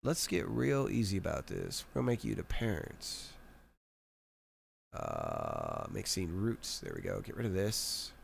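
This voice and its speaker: A man streaming live, talking through his code in a low-key, self-mocking way. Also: big pitch swings, measured pace, vocal fry, a little hiss or hum. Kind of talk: live coding commentary.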